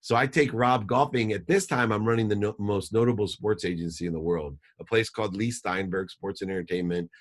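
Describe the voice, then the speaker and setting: Podcast guest, man in his 50s, lowish voice, quick emphatic storyteller who repeats lines for punch. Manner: fast, emphatic, repeats phrases for effect. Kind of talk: personal storytelling in an interview.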